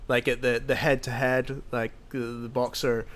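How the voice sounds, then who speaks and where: A man with a mid-range voice chats in a relaxed, wry way on a casual podcast. He tells short stories easily and laughs between them. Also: medium pitch, normal speed. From Ireland. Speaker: podcast co-host. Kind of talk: casual chat.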